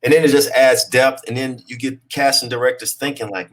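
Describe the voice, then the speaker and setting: A man's voice: mid-range voice, steady tone, brisk, a bit bright. Laid-back man talking as guest. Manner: laid-back, peppers talk with "you know what I'm saying". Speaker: actor being interviewed. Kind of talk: casual conversational interview.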